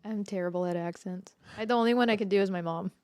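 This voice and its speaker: A woman's voice: mid-range voice, quick pace, a little mellow, dry recording, clean studio sound. A woman co-hosting a casual podcast, giggly and chatty as she tells stories. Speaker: podcast co-host. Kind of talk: casual banter.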